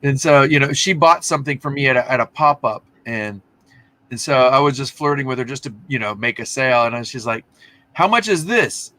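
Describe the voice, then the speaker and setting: A man's voice: medium pitch, brisk, sharp tone. A man from Texas hosting a casual video-call chat, a rambling storyteller who acts out the voices of the people he quotes. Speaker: host.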